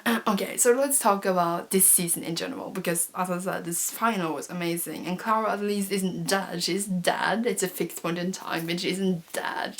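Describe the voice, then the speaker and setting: A young woman vlogger chatting casually, gushing and rambling with lots of sighs and fillers. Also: medium pitch. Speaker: fan vlogger. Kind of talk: casual chat.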